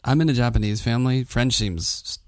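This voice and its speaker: A man hosting a podcast, chatting casually and relaxed with a guest. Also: medium pitch, fairly quick. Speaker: podcast host. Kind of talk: casual chat.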